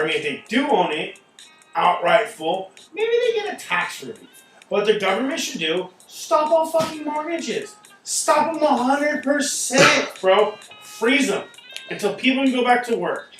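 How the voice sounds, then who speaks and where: A man talking in a casual chat, animated and swearing often, acting out quoted people as he rants. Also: very high voice, measured pace, heavy reverb, far from the mic, faint music behind, rough recording. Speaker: podcast host.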